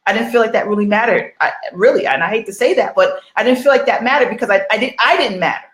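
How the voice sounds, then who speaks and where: A middle-aged woman gives a casual motivational talk as an online business coach, circling back with rhetorical questions and repeating herself. Her voice sits slightly high, and the room around her has a noticeable echo. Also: fast, fairly bright tone. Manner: repetitive, rhetorical questions, chatty.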